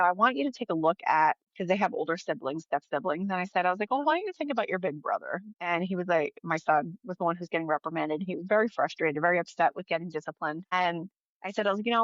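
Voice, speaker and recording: A woman's voice: mid-range voice, no echo, muffled recording. Chatty mother musing on parenting. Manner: earnest, chatty, many "like" fillers. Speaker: podcast host. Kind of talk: casual monologue.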